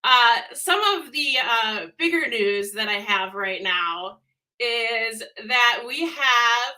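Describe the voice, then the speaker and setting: A young adult woman hosting a live charity fundraiser stream, excited and close to tears as she thanks donors. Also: a little high, takes it slowly. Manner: emotional, excited, near tears. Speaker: charity livestream host.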